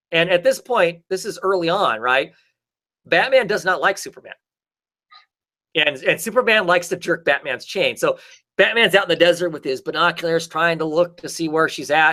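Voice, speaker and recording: Bright-voiced man recapping comics casually. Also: on the high side. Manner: rambling recap with many fillers and restarts. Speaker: podcast co-host. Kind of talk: casual chat.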